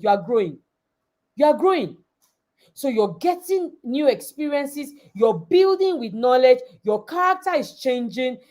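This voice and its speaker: A woman's voice: on the high side, a little mellow. A woman giving an emphatic motivational talk as a coach to an online audience of girls, repeating her key phrases. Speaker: coach and summit speaker.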